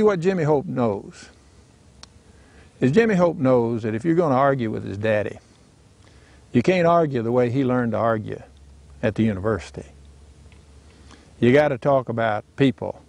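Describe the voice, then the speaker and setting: A man telling a folksy story with dramatic pauses. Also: medium pitch, animated, gravelly, a little mellow, dry recording. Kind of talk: recorded storytelling.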